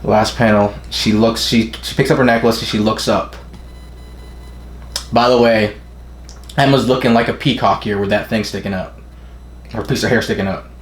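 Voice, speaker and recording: A man's voice: fairly low pitch, fairly even intonation, reverberant. A young man casually reacting live to a comic chapter, forgetting names, swearing now and then, reading the panels aloud. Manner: casual, profane, forgetful of names, reads panels in quick put-on voices. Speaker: manga reaction streamer.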